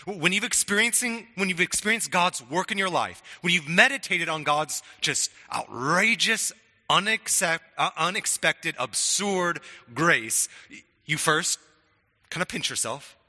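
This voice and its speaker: A man's voice: high voice, expressive, unhurried, pushed and bright, in a large hall. A middle-aged man preaching a sermon in a conversational way, often stammering on restarts and checking in with "right?". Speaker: pastor.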